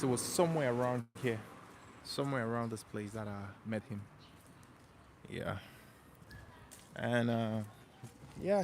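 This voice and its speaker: A man talks casually while he walks a city street, easygoing and slangy, often circling back over his own words. His pitch sits in an ordinary middle range. Steady traffic and street noise run clearly behind him. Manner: relaxed, chatty, slangy, repeats himself. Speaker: vlogger walking a city neighborhood. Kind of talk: casual storytelling walk-and-talk. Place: outdoors on a city street, walking.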